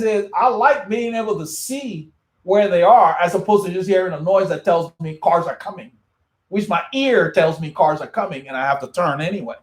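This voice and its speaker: Rambling man in an echoey room. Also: sits high. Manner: rambling, repeats words and restarts often. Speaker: cycling channel host. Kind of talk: casual live chat answering viewer comments.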